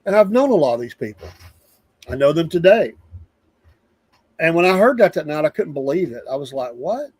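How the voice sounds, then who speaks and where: A man's voice: a little high, brisk, long pauses, dry recording. Rambling Southern man venting on a live show. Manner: rambling, animated, repeats himself for emphasis. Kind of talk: casual monologue venting.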